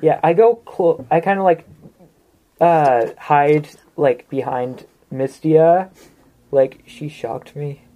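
A woman's voice: low voice, takes it slowly, phone-quality sound. A woman playing a tabletop game with friends, speaking hesitantly and often restarting. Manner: hesitant, repeats herself. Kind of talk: casual tabletop game chat.

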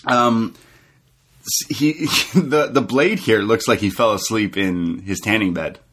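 Laughing, animated male podcast co-host. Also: fairly low pitch, takes it slowly, breathy edge. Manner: animated, laughs often, quotes wrestlers in raised mock voices. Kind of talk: casual wrestling recap chat.

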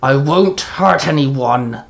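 A man's voice: medium pitch, a little slow, close to an everyday voice. A man voicing a defiant female cheetah monster who snaps and growls.

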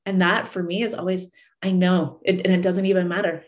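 Low-voiced woman relationship coach. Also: level tone, fairly quick, hardly any pauses. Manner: earnest, repeats and rephrases, acts out angry partners. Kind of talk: coaching talk to listeners.

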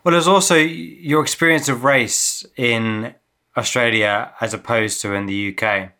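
A male interviewer with a bright, forward voice. He asks direct questions in a relaxed chat and teases his guest now and then. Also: mid-range voice, a little slow.

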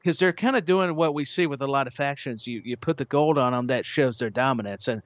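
A man's voice: medium pitch, brisk, no echo. Man, podcast co-host, casual chat, stuttering restarts, dry close mic, dull lo-fi sound. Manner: restarts often, repeats words. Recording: dull lo-fi audio.

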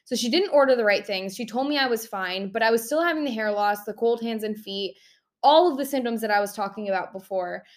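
A woman's voice: a little high, fairly quick. A young adult woman telling a candid personal story in a chatty, frank way, full of fillers and the odd swear word.

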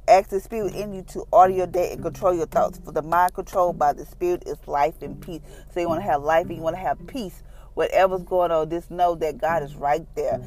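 A middle-aged woman speaks in a relaxed, chatty devotional talk and drifts into personal testimony. She sounds earnest and animated and keeps a loose, conversational rhythm full of fillers. Soft music plays faintly underneath. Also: lowish voice. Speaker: devotional podcast host.

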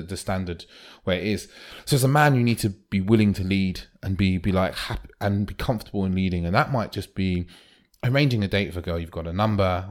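A man co-hosting a podcast, chatting casually and acting out quoted lines. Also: low voice. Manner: animated, acts out quoted lines. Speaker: podcast co-host.

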